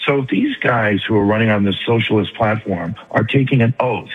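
An older retired man with a New York accent, calling in to a radio show and making his point fast and earnestly. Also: fairly low pitch, husky. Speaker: caller. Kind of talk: call-in radio talk. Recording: tinny phone line with long reverb.

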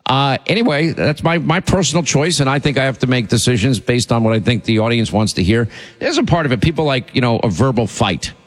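A man's voice: medium pitch, fairly quick, hardly any pauses, big-room sound. Indignant male talk radio host. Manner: indignant, rambling, blunt.

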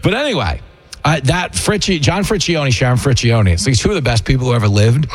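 A male talk-radio host speaks at a mid pitch and tells animated, self-deprecating stories. He jokes with callers and rambles through comic anecdotes. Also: a little fast. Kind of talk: comedic talk radio monologue.

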